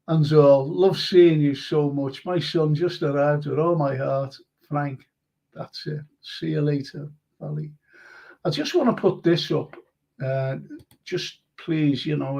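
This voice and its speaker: A man's voice: on the high side, vocal fry, mellow, low-quality recording. An older man with a Liverpool accent hosting a casual live-stream chat show, rambling and reading out viewers' comments. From Liverpool, England. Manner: chatty and rambling, reads out comments, laughs easily. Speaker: host of online history and chat show.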